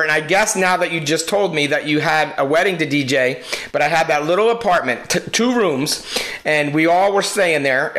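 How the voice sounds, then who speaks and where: A man's voice: on the high side, pushed and bright. A married man hosting a casual chat, animatedly retelling old pranks and laughing often.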